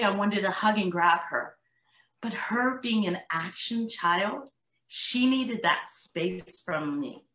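A woman's voice: mid-range voice, slow pace. A middle-aged woman, a parenting coach, telling stories in a podcast interview and acting out what she and her daughter said. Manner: animated storyteller, acts out her own and her daughter's lines. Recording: echoey room.

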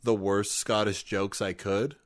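A man's voice: on the low side, level tone, unhurried. Joking man co-hosting a podcast. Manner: jokey, bursts into loud put-on voices. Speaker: podcast co-host. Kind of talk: casual chat.

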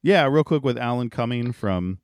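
A man's voice: mid-range voice, lively intonation, normal speed, a little mellow, no room sound. Chatty man on a dry close mic. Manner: rambling, acts out quotes with laughs. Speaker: podcast co-host. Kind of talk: casual chat.

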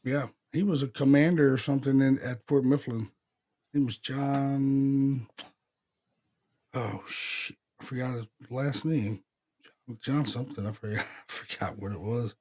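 A man's voice: medium pitch, fairly even intonation, measured pace, a little mellow. A man hosting a paranormal podcast in a laid-back, casual way, swearing and laughing often. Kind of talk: casual chat.

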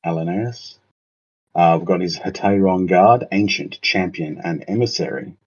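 Male co-host, very low husky voice, dull lo-fi mic, hesitant reader. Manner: halting, stumbles over names, self-mocking. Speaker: podcast co-host. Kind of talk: casual chat reading out army names.

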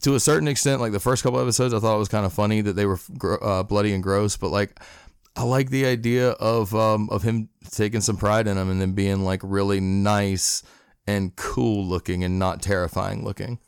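Man, very deep voice, clear, dry sound, casual player talk. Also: steady tone, fairly quick, no echo. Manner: casual, filler-heavy. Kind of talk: tabletop game play.

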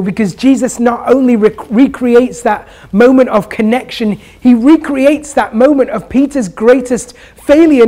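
A preacher delivering an earnest, gentle sermon and asking the listeners rhetorical questions. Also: mid-range voice.

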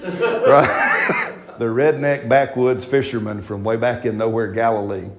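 A man's voice: medium pitch, steady tone, a little slow. A man preaching a sermon as pastor, folksy and joking, with slang and playful asides to his congregation.

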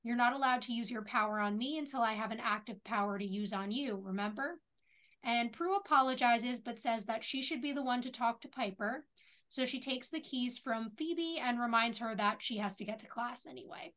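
A woman's voice: fairly high pitch, normal speed, fairly bright tone. A young woman co-hosting a podcast, retelling a TV episode scene by scene and reading out the dialogue in a casual chat. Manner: retells scenes at length, reading out dialogue with many "she says". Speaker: podcast co-host.

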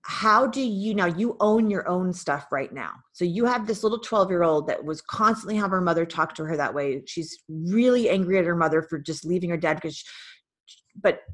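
A woman's voice: on the low side, expressive, normal speed. A woman hosting a spiritual healing session, coaching a caller and guiding a visualization with direct, insistent instructions. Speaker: host and spiritual healer.

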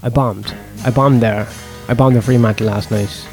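A man's voice: medium pitch, fairly even intonation, normal speed, darkish tone. A young man, a stand-up comedian talking through his gigs in a casual, profane, self-deprecating ramble, with faint music behind him. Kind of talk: casual vlog monologue.

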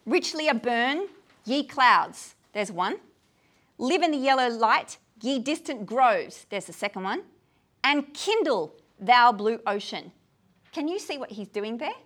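A woman gives a talk on a poem to a gathered group in a room, tired, animated and often checking that her listeners follow. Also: a little high. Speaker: lecturer on poetry.

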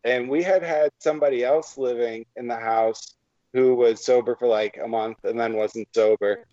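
A man's voice: medium pitch, fairly even intonation, normal speed, dark tone, dry recording. Laid-back man on a dull, dry line. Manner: laid-back, lots of filler words. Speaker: podcast guest. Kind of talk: casual storytelling chat.

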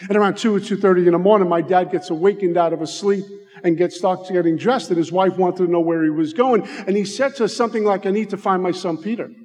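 Man, middle-aged, American, heartfelt testimony, high voice, long hall reverb. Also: fairly even intonation, a little mellow. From United States. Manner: heartfelt, slows down for emphasis. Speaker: recovery speaker. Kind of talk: personal testimony talk.

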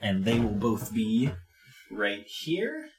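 A man's voice: lowish voice, huge pitch swings, takes it slowly. Laid-back man running a tabletop game. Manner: laid-back, loose descriptions with hesitations. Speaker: game master.

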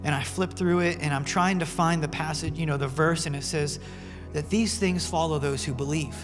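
A man's voice: on the high side, fairly even intonation, moderate pace. A male pastor preaching a sermon, telling stories in a casual, earnest way with fillers like "man". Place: church sanctuary. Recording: long reverb with faint music in a church.

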